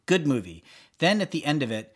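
A man's voice: on the high side, a little fast. A man co-hosting a podcast, casually retelling film scenes and voicing the characters' lines as he goes. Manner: animated storytelling, acts out characters' lines. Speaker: podcast co-host. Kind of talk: casual chat.

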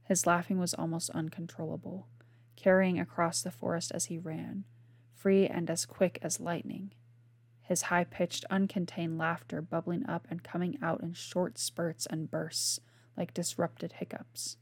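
Woman reading her novel, low and gravelly. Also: flat delivery, measured pace, no room sound. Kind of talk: scripted narration.

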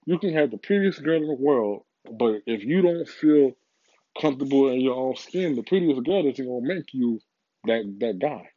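A man's voice: mid-range voice, animated, moderate pace, mellow, no room sound, highs cut off. A man giving a casual, rambling motivational monologue, profane and full of repeats.

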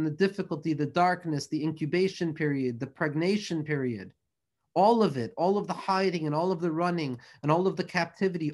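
A man's voice: on the high side, darkish tone. Fervent male Torah teacher, rhythmic lists. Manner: rhythmic, repeating phrases in building lists. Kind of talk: impassioned Torah lecture.

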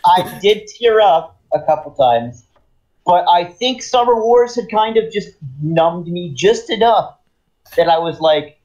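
A man co-hosts a casual podcast, talking slowly in a deadpan way with dry humor. His voice comes through a muffled, lo-fi mic. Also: high-pitched. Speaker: podcast co-host.

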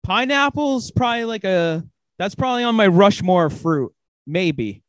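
A man with a high, lively voice that swings all over the place, talking loosely and a bit slurred in casual drunk chat. He swears freely and keeps breaking into laughter. The sound is dry and close to the mic. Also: moderate pace, no echo. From United States. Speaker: podcast host.

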